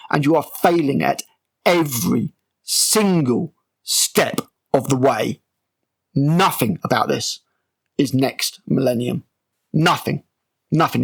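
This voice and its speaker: A man's voice: on the high side, vocal fry, husky. A man reviewing a TV episode scene by scene in an exasperated, sarcastic rant. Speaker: TV critic.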